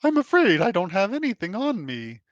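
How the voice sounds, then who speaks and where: A man's voice: sits high, wildly swooping pitch, moderate pace, a bit bright, no echo, muffled recording, voice pushed up, exaggerated voice. A man voicing a flustered, pompous scholar with a put-on pompous British accent and a stiff, formal drawl.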